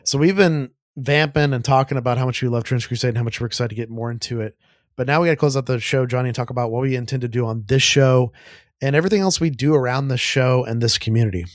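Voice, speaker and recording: A man co-hosts a casual podcast at a quick clip. He is chatty and keeps chiming in to agree. His mid-pitched voice sounds dry and close. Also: dry recording. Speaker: podcast co-host.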